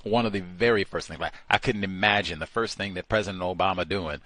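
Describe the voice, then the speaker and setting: Animated man mocking in commentary. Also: low voice, fast, few pauses. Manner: lively, mocking, acts out voices in his own telling. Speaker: co-host of a call-in talk show.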